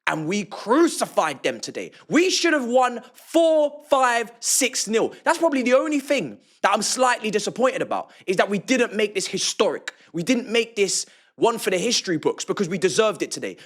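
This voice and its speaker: A young man hosting an excited post-match football reaction vlog, talking emphatically with slangy banter and repeated phrases. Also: sits high. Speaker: football fan reaction host.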